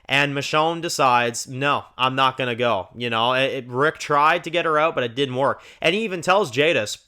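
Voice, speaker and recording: Rambling bright-voiced male TV reviewer. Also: a little high, moderate pace. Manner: rambling, filled with "you know" and restarts; gets lively when retelling scenes. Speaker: TV show reviewer, channel host. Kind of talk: casual episode review.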